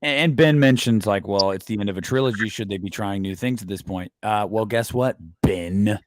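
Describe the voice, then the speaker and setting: A man's voice: on the low side, normal speed, no echo. A man co-hosting a casual livestream, talking animatedly and sarcastically while reading viewer comments aloud. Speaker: podcast co-host.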